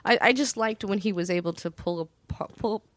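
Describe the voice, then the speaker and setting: A woman's voice: medium pitch, fairly quick, no room sound. A woman guest on a podcast, telling a story in chatty casual talk, laughing easily and swearing. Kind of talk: casual political chat.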